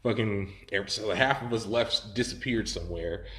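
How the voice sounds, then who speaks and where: A man's voice: fairly low pitch, moderate pace, pushed and bright, reverberant. A man telling a story in casual, profane talk, rambling and laughing as he goes.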